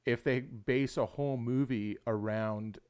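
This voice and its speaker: A young adult man rambling through a casual livestream chat at a mid-range pitch. He swears freely and keeps dropping "dude" into his sentences, in a loose, unscripted way. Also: fairly even intonation, unhurried, a little mellow, smooth. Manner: rambling, swears often, says "dude" a lot. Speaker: livestream host.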